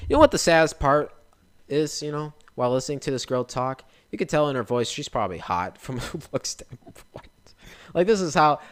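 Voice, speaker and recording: A man's voice: medium pitch, clean tone, no room sound. A young man hosting a podcast, ranting casually and with exasperation. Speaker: podcast host.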